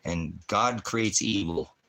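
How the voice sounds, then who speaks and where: A man's voice: lowish voice, slow, bright, forceful tone. A man hosting a ministry livestream who answers the chat with insults and mockery, swinging from crude jokes to scripture. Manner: profane, insulting, mocking; jumps between jokes and scripture talk.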